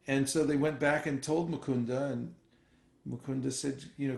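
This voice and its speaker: A man leading an informal scripture class, talking in a relaxed, conversational way with many fillers and restarts. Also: medium pitch, moderate pace, creaky. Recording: roomy echoey sound.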